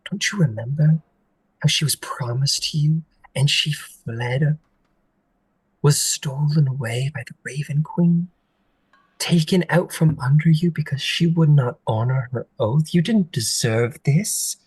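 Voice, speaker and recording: A man's voice: fairly high pitch, unhurried, husky, no room sound, voice pushed up, poor audio. A man voicing cruel, sly spirit sisters who speak in an insinuating whisper.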